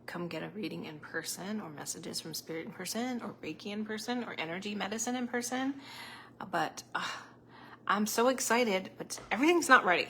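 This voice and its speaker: A woman's voice: medium pitch, fairly bright tone, slight background noise. A woman hosting a casual live stream as a psychic medium at home, close to the camera, rambling and chatty and laughing often.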